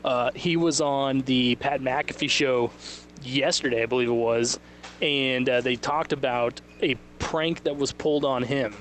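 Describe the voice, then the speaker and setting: Brief: male sports radio host, middle pitch, talks off the cuff, broadcasting live on location. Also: slight background noise. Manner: animated, quick asides, mimics others' voices. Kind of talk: casual sports radio banter. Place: radio setup broadcasting live from a liquor store.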